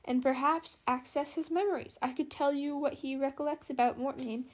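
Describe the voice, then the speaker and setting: A woman's voice: high voice, steady tone, moderate pace, close to an everyday voice. A woman reading the part of a thoughtful, earnest young woman.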